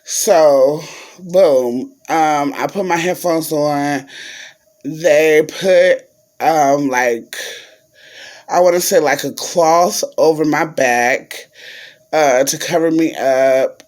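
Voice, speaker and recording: A woman's voice: deep voice, very slow, a little mellow. A young woman vlogger, chatting to viewers, full of fillers and y'all. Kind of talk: casual storytelling to viewers.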